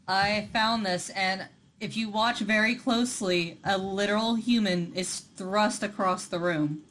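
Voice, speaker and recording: A woman playing a tabletop game, blunt and excitable. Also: mid-range voice, measured pace, slight background noise, poor audio. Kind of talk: casual chat.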